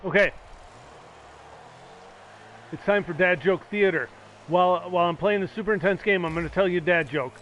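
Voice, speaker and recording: Excitable man streaming a game. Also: high-pitched, normal speed, long pauses, highs cut off, a little hiss or hum. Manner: excitable, yells hype at the game; joking, self-mocking. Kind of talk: casual gaming stream commentary.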